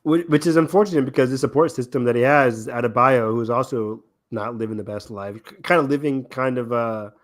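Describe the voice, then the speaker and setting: A man co-hosting a podcast, excitedly retelling TV episode scenes in casual chat. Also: medium pitch, fairly quick, few pauses. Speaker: podcast co-host.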